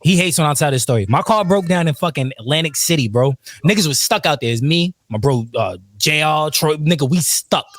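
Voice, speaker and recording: A man's voice: fairly high pitch, animated, fairly quick, few pauses, a bit bright, no room sound. A man telling rowdy stories in casual chat, laughing often and acting out what his friends said. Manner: laughing, quotes friends in retold dialogue. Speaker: podcast guest telling stories. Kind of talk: casual storytelling, profane and animated.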